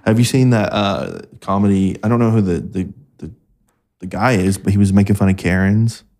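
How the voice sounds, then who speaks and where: A man co-hosting a casual podcast, joking in a deadpan way. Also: moderate pace. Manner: deadpan, jokey, animated pitch jumps. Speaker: podcast co-host.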